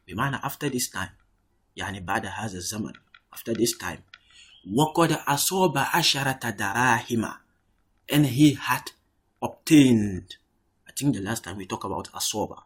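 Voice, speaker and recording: Um professor de árabe numa aula online, que explica com paciência, repete as palavras e diz "okay" com frequência. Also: male voice, lowish voice, breathy edge. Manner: explains patiently, repeats words, says "okay" often. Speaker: Arabic teacher. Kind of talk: online language lesson.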